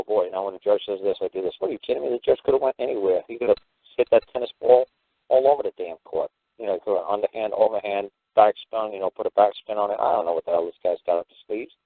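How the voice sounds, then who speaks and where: A low-voiced man from the United States rattles through a loose, profane talk radio monologue at a quick clip. His voice comes through a narrow, tinny phone line with a dry sound. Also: no room sound. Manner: blunt, profane, rambling storytelling. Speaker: radio talk show host.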